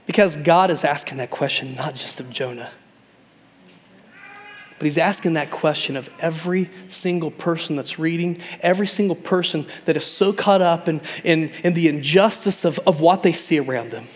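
A man preaching a sermon in an animated way, acting out voices of God and Jonah as he speaks. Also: fairly high pitch, moderate pace, in a large hall. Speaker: pastor.

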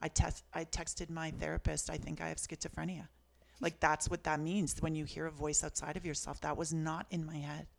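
Reflective woman with a creaky voice. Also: sits low, flat delivery, brisk, hardly any pauses. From Canada. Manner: earnest, reflective, soft-spoken. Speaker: guest, author. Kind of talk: personal storytelling in conversation.

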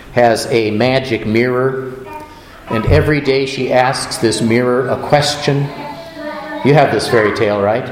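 Male preacher, mid-pitched, slow emphatic sermon delivery with questions to the audience, recorded in an echoey church. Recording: roomy echo.

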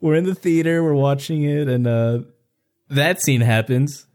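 A man co-hosting a podcast, telling a family story in a casual, animated way and acting out the voices of his relatives. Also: on the high side, a little slow. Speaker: podcast co-host.

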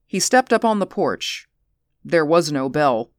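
A woman narrating a story aloud in a measured audiobook reading. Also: low voice, sing-song, dry recording, clean studio sound. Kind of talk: audiobook narration of science fiction.

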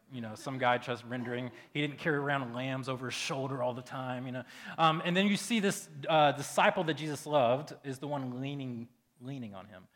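A man's voice: medium pitch, a bit bright. A man preaching a casual sermon as pastor, talking loosely and conversationally with lots of fillers.

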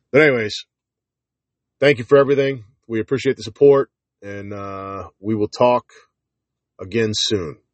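A man speaking as a parent to his viewers in a heated monologue, blunt and profane, hammering short repeated phrases and dropping into low, gruff asides. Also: no echo. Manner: alternates forceful jabs with low, gruff asides. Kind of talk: heated direct-to-camera monologue.

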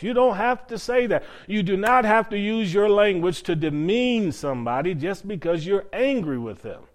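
A man with a slightly high voice preaches a sermon. He puts rhetorical questions to the congregation and draws out key words for weight, slowing down to press each point home. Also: darkish tone. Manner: preaching with rhetorical questions, drawn-out emphatic phrases. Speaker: pastor.

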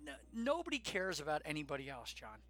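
A middle-aged man co-hosting a casual chat show, talking in an animated, emphatic rant. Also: on the high side, quick pace, no room sound. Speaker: podcast co-host.

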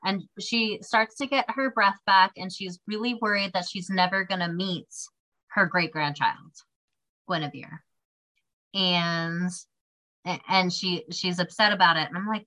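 A young woman with a bright, clear voice tells a family story to her sister. She talks in a relaxed, chatty way, with sarcastic asides and lively quoted voices. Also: lowish voice, unhurried, low-quality recording. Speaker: podcast co-host. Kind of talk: casual chat.

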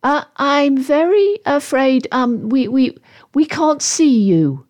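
A meek young girl speaks anxiously and hesitantly, played by a woman reading a storybook. Her voice sits high, and the pitch moves a lot. She sounds nervous and eager to calm things down. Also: slow pace. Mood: timid.

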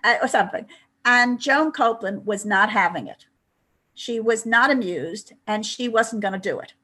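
A woman's voice: fairly high pitch, normal speed, sharp tone. An older woman, a guest in an interview, telling long stories in a chatty way with many asides. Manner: chatty storytelling, many "you know" asides. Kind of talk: anecdotal interview.

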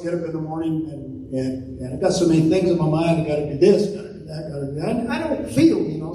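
Middle-aged male pastor, high voice, preaching with big swings from hushed to loud, church echo heard from a distance. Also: slight background noise. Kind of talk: sermon. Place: church sanctuary.

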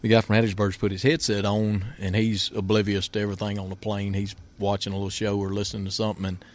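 A man's voice: on the low side, flat delivery, fast. A man telling a hunting trip story in a casual, folksy way, often laughing and repeating himself.

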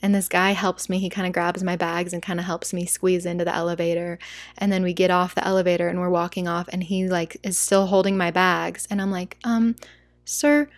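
A young woman from Utah telling a travel story to her viewers in a chatty, animated way, full of "like"s. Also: fairly low pitch, brisk, no room sound. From Utah, USA. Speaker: travel vlogger.

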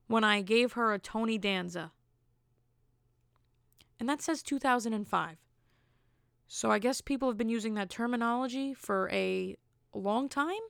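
A woman hosts her own podcast, telling stories in a casual solo monologue with plenty of vocal fry. She speaks bluntly and candidly, with incredulous asides. The sound is dry and close. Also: on the high side, no room sound. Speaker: podcast host.

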